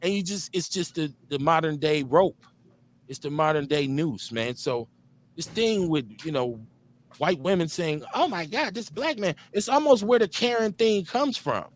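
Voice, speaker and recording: Animated joking male talk-show host. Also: on the high side, normal speed, a little hiss or hum. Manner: animated, joking, streetwise and profane. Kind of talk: casual talk-show banter.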